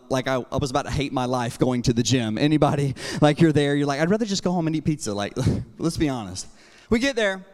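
A male pastor preaching a sermon with personal stories, energetic and humorous, moving between quiet asides and loud exhortation. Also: fairly high pitch, clear, resonant tone. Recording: long hall reverb.

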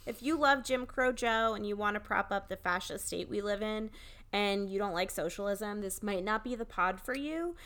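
A woman's voice: medium pitch, moderate pace, a bit bright. A young woman co-hosting a podcast in casual chat, earnest and outspoken with jokey asides. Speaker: podcast co-host.

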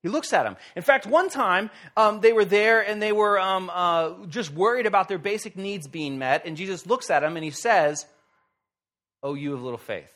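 Higher-pitched man preaching casually. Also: moderate pace, hardly any pauses. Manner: conversational and lively, with wry humor. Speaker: pastor. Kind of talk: sermon.

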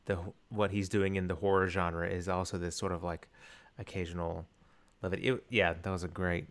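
A man with a fairly low voice co-hosts a casual film podcast. He talks with eager enthusiasm, circles back often and fills gaps with "you know". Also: flat delivery, fairly quick. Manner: enthusiastic, rambling with many restarts and fillers. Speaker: podcast co-host.

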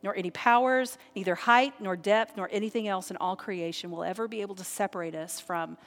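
A woman pastor preaching a sermon, emphatic, with repeated phrases and dramatic pauses. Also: medium pitch, long reverb tail.

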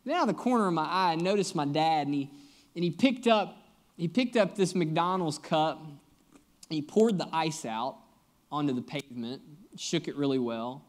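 A male pastor delivering a sermon in a slightly high, conversational voice. He tells a story earnestly, talks right to the congregation, and leans hard on emphasis by jumping in pitch and loudness. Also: expressive, moderate pace.

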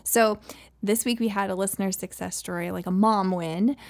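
A woman hosting a parenting podcast in casual chat, encouraging and quick to laugh. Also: mid-range voice, steady tone, creaky. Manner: warm, encouraging, laughs often. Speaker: podcast host.

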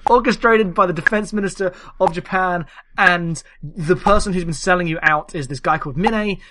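A man co-hosting a casual conversation about video games, relaxed and often restarting his sentences. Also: high-pitched, a little hiss or hum. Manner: relaxed, halting, self-correcting.

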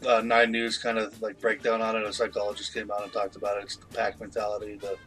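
A man's voice: lowish voice, completely flat delivery, fast talker, fairly bright tone, soft background music, poor audio. A man in his forties, co-hosting a podcast, telling rambling, profane stories in casual banter. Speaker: podcast co-host.

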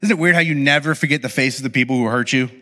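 A man preaching a conversational, animated sermon with casual asides to his listeners. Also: mid-range voice, racing. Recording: long hall reverb.

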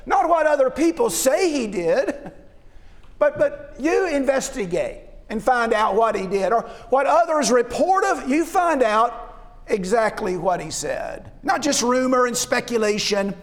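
High-voiced man preaching in a hall. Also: lively intonation, unhurried. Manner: restarts and repeats words, asks rhetorical questions. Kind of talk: sermon. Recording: long reverb of a large hall.

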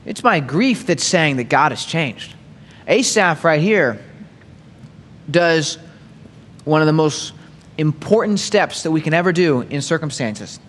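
A man leads a Bible study, reading scripture aloud and then unpacking it in a relaxed, conversational way. He keeps asking rhetorical questions and tacking on "right?" and "okay?". His voice sits high for a man, and it rings out with the long reverb of a hall. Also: a little slow, long pauses, a little hiss or hum. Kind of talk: sermon-style Bible teaching.

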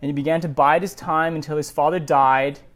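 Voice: mid-range voice, fairly even intonation, a little fast. Emphatic pastor preaching a sermon. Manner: emphatic, builds lists of words, asks rhetorical questions. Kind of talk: sermon with scripture reading.

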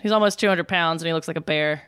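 Animated woman from Alabama, smooth voice. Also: low voice, quick pace, no echo, clean studio sound. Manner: animated, laughs often. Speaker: podcast co-host. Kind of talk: casual storytelling.

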